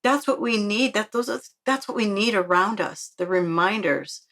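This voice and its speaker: A woman's voice: mid-range voice, normal speed, a bit bright. A woman author as an interview guest, chatty and earnest, laughing often and acting out the quotes in her stories. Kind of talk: casual interview storytelling.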